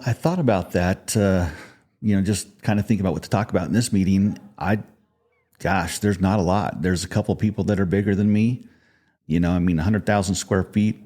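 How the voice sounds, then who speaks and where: A middle-aged man being interviewed as a business founder, speaking in a modest, relaxed and plainspoken way. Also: deep voice. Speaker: podcast guest, business founder. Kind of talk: conversational interview.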